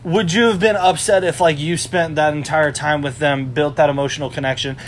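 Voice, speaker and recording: A young man hosts a casual podcast chat, talking loosely and a little fast in a fairly high voice with fairly even intonation. He laughs often and says "like" a lot. There is slight background noise.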